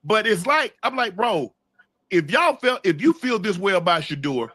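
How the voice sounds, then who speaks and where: A man co-hosting a sports talk show, questioning the news in an animated, incredulous way. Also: high-pitched, moderate pace, no room sound.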